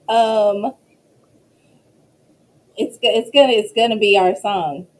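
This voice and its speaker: A woman professor as an interview guest, animated and laughing as she tells stories. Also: mid-range voice, slow pace, low-quality recording. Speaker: professor and associate dean, guest. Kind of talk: casual interview.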